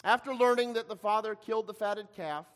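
Male preacher, very high pitch, dramatic sermon delivery, long hall reverb. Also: fairly quick. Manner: dramatic, acts out quoted voices with shifting loudness.

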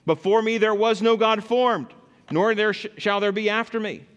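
Man, pastor, sermon, higher voice, swings from loud emphasis to low scripture reading. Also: moderate pace, dull audio. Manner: animated preaching, rising loud for emphasis and dropping low to read scripture. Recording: long reverb in a large hall.

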